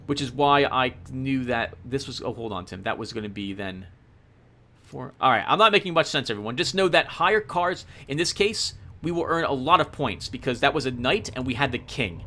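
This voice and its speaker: A man doing casual game commentary, excitably explaining the rules aloud and reading out the game text. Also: mid-range voice, moderate pace. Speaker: let's play host.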